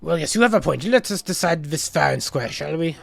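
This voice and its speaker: A man voicing a gruff old male sailor bomb who speaks bluntly, reading game dialogue. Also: a little high, expressive, brisk.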